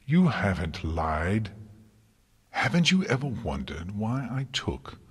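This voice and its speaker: A man voicing a regal, motherly pony princess who speaks softly and pleads with guilt, in an audiobook reading. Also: fairly low pitch, sing-song, slow, slightly rough, heavily acted. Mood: pleading. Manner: soft, pleading, tender.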